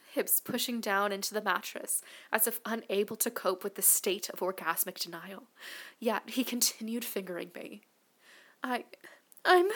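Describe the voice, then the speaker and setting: A woman narrating an erotic audio story, mostly in a hushed, breathy whisper. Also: mid-range voice. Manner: hushed, breathy, intimate delivery.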